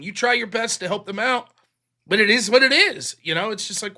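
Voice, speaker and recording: A man with a bright, high-pitched voice hosts a political call-in show, speaking a little fast in loose, casual stretches. He swears freely and rambles profanely through secondhand stories, retelling other people's words in an unscripted, conversational tone.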